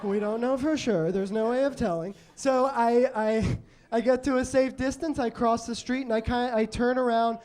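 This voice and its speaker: A man telling stories in a stand-up set on a comedy club stage, halting and self-deprecating, with many restarts. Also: very high-pitched, steady tone, a little mellow. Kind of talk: stand-up storytelling.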